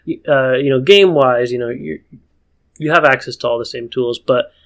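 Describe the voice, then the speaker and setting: A man's voice: medium pitch, moderate pace, vocal fry, a bit bright. Rambling male podcast co-host. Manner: rambling, many fillers and restarts. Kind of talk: casual chat about tabletop games.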